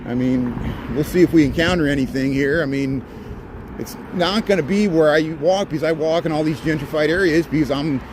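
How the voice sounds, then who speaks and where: A middle-aged man with a slightly raised voice talks his way down a city street, rambling from sight to sight and chatting with passersby. Traffic and street noise run loudly under the whole recording. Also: on the high side, a little fast. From Indiana. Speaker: walking livestream vlogger. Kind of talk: casual running commentary while walking. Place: city street outdoors at dusk.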